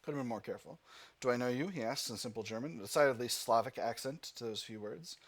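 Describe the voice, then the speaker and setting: A man's voice: mid-range voice, quick pace, slightly rough. A man hosting a gaming video, reading the game's text aloud and thinking through his choices with fillers and restarts. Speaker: gaming channel host. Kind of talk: let's play commentary, reading game text aloud.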